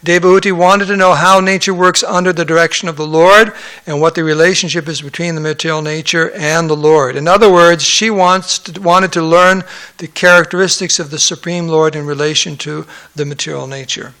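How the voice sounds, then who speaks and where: A man's voice: fairly high pitch, steady tone, brisk, bright, forceful tone. A man giving a conversational scripture class, mixing reading with joking asides and acted-out quotes. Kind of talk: sermon-style scripture class.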